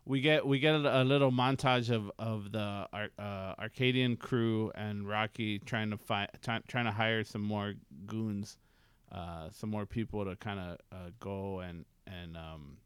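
A man with a smooth, lower voice talking casually about a film and summing up its plot. He is recorded close and dry. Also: fairly even intonation, unhurried, dry recording. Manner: easygoing, agrees often, laughs along. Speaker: podcast co-host. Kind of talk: casual movie rewatch chat.

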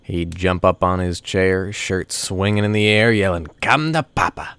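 A man narrating a first-person story in a folksy, unhurried way. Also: sits low, little pitch movement, a bit bright, smooth, no echo.

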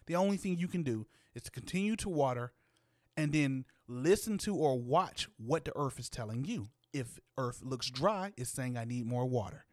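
A man's voice: mid-range voice, expressive, normal speed, no room sound, studio quality. A man co-hosting a casual chat, playful and slangy, laughing often. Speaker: podcast co-host.

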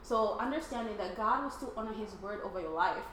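A woman sharing a personal faith testimony with a small group in a casual, excitable way, often laughing and acting out her own thoughts. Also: mid-range voice, fast talker. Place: room with other people, casual group. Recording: roomy, faint background noise.

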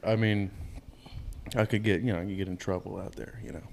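A man's voice: low-pitched, fairly even intonation, a little fast, gravelly, a little hiss or hum. A Canadian man with a Canadian accent, chatting on a podcast in a laid-back, rambling way, often laughing. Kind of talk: casual chat with joke accents.

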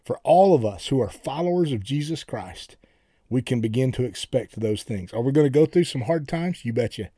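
A middle-aged man preaching a sermon in an earnest way, often repeating words and rising in pitch when he declares something. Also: expressive, moderate pace, warm tone, slightly rough, dry recording, clean studio sound. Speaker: pastor.

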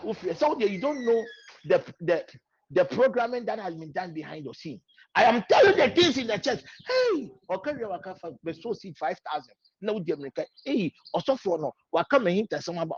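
A man preaches a sermon in a high, sing-song voice that runs a little fast and slightly rough. He switches between English and Twi, repeating lines with rising emphasis to hammer them home. The recording is dull and lo-fi.

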